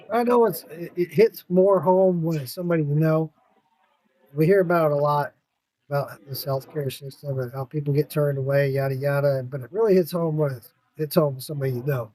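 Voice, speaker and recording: A man with a notably high voice, chatting casually on a podcast. He tells stories with lots of energy, swears freely and breaks into laughs along the way. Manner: animated storyteller, swears freely, laughs often. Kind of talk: casual chat.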